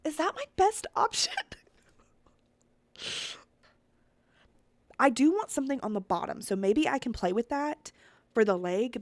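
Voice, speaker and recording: A woman's voice: medium pitch, no echo. Woman rambling casually while she plays a sim game, talks to "you guys" a lot, dry close sound. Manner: chatty, thinks aloud, often addresses the viewers. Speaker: Sims content creator.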